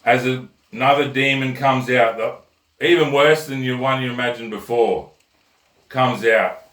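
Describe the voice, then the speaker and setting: A man's voice: mid-range voice, fairly even intonation, a little slow, a bit bright. Blunt man telling crude jokes. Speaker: host. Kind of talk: comic rant and joke telling. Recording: roomy echo, mic at a distance.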